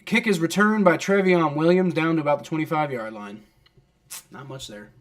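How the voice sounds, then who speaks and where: This fan streamer calls a football game live in a voice on the high side, at a normal speed. Fed up with the refs and the players, he complains constantly, curses offhandedly, and sprinkles in plenty of "like"s.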